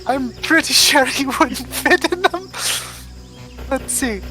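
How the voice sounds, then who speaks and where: A woman playing a tabletop game, chatting casually and thinking out loud as she plans. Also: high-pitched, lively intonation, slow, faint music behind.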